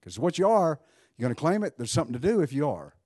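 A man preaching a sermon in an animated, conversational way, swinging between loud bursts and hushed asides while joking with his congregation. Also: fairly high pitch, quick pace, breathy edge, no echo, studio quality. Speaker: pastor.

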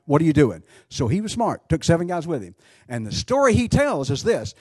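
A man's voice: a little high, sing-song, a little fast, darkish tone, breathy edge, no room sound, studio quality. A man preaching a sermon, emphatic, asking rhetorical questions and often restarting his sentences.

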